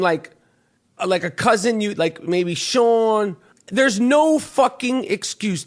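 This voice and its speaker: A man hosting a podcast, ranting in a loud, mocking, profane comic style. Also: sits high. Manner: loud, mocking, heavy cursing. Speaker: podcast host.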